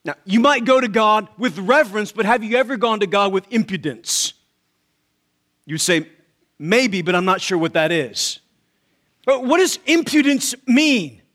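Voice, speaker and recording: Guy preaching a sermon, pretty high voice, lots of rhetorical questions, stumbles and repeats words. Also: animated, unhurried, a bit bright. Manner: repeats words when he starts a thought. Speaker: pastor.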